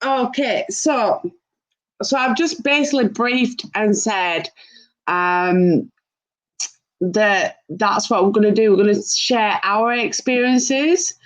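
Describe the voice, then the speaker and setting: Slow-talking woman hosting a live stream. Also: mid-range voice. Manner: slow, hesitant, with fillers. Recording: muffled lo-fi stream audio.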